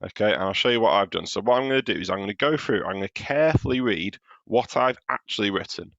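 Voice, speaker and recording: Deep gravelly-voiced male teacher. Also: lively intonation, fast talker, fairly bright tone, no echo, lo-fi sound. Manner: patient, explains step by step while marking his own writing. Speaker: primary school teacher. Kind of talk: recorded home-learning lesson. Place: home.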